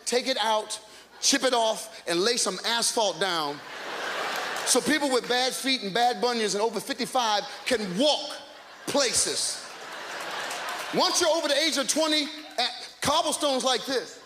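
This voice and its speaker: A man doing a stand-up set before a live audience, ranting in an animated, exasperated way and breaking into shouts. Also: extremely high pitch, measured pace, noisy background. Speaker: stand-up comedian. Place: comedy stage in a large club before a live audience. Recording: live club recording with hall echo and audience laughter.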